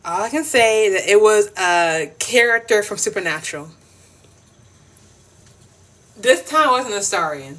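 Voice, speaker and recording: Giggly animated young woman, slow talk. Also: medium pitch. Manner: giggly, animated, teasing, repeats herself. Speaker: TikTok livestreamer. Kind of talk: casual live-stream chat.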